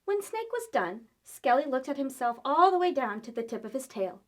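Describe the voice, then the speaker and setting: A woman librarian reading a story aloud to children, playful and animated. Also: sits high, moderate pace, few pauses. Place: public library.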